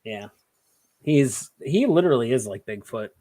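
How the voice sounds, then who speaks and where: A man's voice: mid-range voice, expressive, normal speed, warm tone. A young man co-hosting a podcast in casual chat, teasing, laughing often and drawing out his punchlines. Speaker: podcast co-host.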